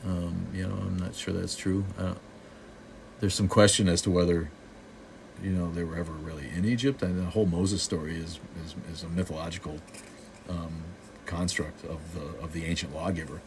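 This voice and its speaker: A man's voice: deep voice, steady tone, normal speed, vocal fry, slight background noise. A man hosting a livestream, talking casually while answering chat, rambling and sardonic with many restarts. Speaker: show host.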